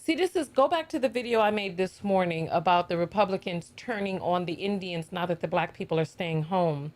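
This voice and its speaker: A woman's voice: lowish voice, fairly quick. A woman hosting a reaction show, chatting casually and telling a playful story. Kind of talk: casual chat.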